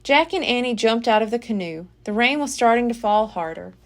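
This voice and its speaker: Woman, library storyteller, children's book read-aloud, expressive, lively pitch. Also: brisk. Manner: expressive, dramatic reading.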